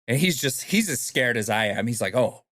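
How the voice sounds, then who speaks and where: A man's voice: mid-range voice, expressive, a bit bright, no echo, studio quality. A young man casually telling a long anecdote, acting out what people said along the way. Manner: laid-back, drawn-out anecdotes acting out quotes. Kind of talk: casual storytelling.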